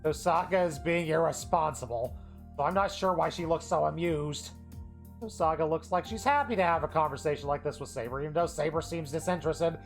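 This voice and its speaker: Streamer narrating a visual novel, expressive, faint background music. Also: medium pitch, a little fast. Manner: expressive, exasperated asides.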